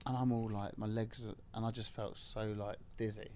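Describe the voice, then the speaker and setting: Man, casual podcast storytelling, lively and crude, lower pitch, slight background hiss. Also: moderate pace. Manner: animated, swearing, laughing retelling. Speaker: podcast guest.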